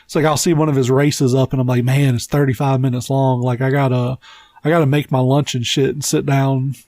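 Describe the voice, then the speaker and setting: A man's voice: mid-range voice, little pitch movement, a little fast, darkish tone, no room sound. A man in his thirties co-hosting a podcast, a rambling, profane storyteller with a slightly nasal voice and a faint southern twang. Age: 30s. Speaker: podcast co-host. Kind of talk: casual chat.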